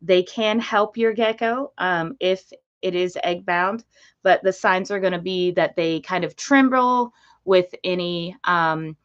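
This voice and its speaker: A woman's voice: on the low side, measured pace, muffled recording. A woman hosting a casual livestream about geckos, chatty and easily distracted, talking to viewers. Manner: chatty, easily distracted, baby-talks to her parrot. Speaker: livestream host and gecko breeder.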